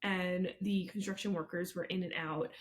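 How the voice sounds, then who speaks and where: A woman in her thirties co-hosting a podcast, telling stories in an animated, playful way. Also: fairly low pitch, normal speed, slight background noise. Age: 30s. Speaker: podcast co-host. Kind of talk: casual podcast chat.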